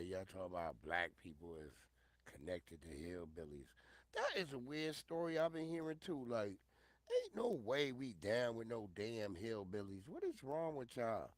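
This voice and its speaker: Animated profane man ranting on stream. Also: lowish voice, moderate pace, no room sound. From Northern Virginia. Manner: loud, profane, animated storytelling. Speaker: streamer commentator. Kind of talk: casual livestream commentary.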